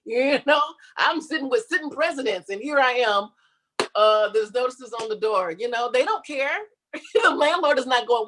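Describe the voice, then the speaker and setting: A woman guest chatting in a casual interview, animated, laughing often and slipping into quoted voices. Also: fairly high pitch, a little fast. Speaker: interview guest, comedian and online creator.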